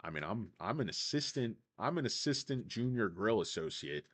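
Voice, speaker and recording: A man's voice: fairly low pitch, sing-song, moderate pace. A man hosting a casual stock market video, rambling with many fillers and talking straight to his viewers. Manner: rambling, full of fillers, keeps addressing "guys". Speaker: stock channel host.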